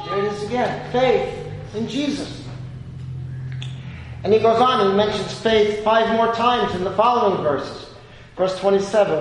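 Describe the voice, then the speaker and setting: A man preaching a sermon in an emphatic, deliberate way with pauses. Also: high-pitched, slight background noise. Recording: echoey hall with long reverb.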